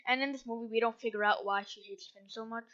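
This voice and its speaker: A woman's voice: a little high, steady tone, quick pace, a bit bright, no echo. Sarcastic woman rambling through a movie recap. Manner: sarcastic, rambling, self-correcting. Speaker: movie reviewer. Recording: dull lo-fi dry recording.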